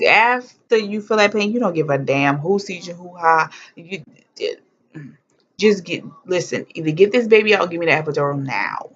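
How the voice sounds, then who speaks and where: Woman vlogger, lower register, candid and comic, curses freely; dull lo-fi audio. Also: a bit bright. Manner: humorous, blunt, swears freely. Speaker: vlogger telling her birth story. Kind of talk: candid personal storytelling. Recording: dull lo-fi sound.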